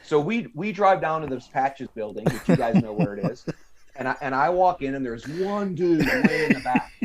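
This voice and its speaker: A man's voice: on the high side, normal speed, a loud crowd. A man in his fifties, a guest on a podcast, telling a long story from his army days and acting out other people's lines. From United States. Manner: animated storyteller, mimics other people's voices. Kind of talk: storytelling in a casual interview.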